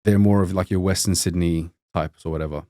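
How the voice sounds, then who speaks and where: A man's voice: deep voice, steady tone, brisk, mellow, dry recording, studio quality. A man from Lebanon, a podcast guest, talking casually and rambling with lots of fillers and restarts. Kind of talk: casual conversation.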